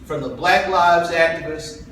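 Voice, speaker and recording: A man's voice: a little high, a little slow, fairly bright tone. A man from South Carolina giving an earnest, folksy political speech to a convention crowd. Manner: earnest, folksy, rising to rallying calls. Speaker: party chair candidate. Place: large convention hall. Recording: echoey hall from far off, faint noise.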